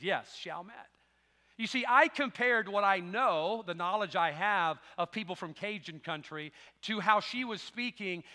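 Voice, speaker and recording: A middle-aged man with a Southern American drawl delivers a sermon, mixing folksy storytelling with bursts of emphatic preaching. His voice sits high and bright. It rings out with the long reverb of a church hall. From Southern United States. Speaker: pastor.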